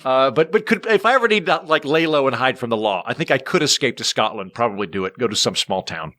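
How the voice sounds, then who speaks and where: Bright-voiced man telling comic stories. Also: medium pitch, fast. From Oklahoma, USA. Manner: animated, comic, self-deprecating. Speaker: guest, comedian. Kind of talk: casual podcast storytelling.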